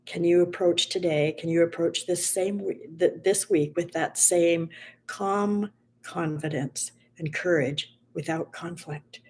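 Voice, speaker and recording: A woman hosting a motivational livestream, reading an inspirational story in a gentle, slow manner and softening at times almost to a whisper. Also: lowish voice, fairly even intonation, slight background noise.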